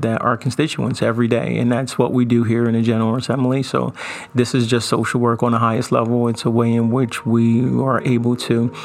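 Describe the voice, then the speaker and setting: A man legislator speaking earnestly in an interview, halting and repeating words. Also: mid-range voice, creaky.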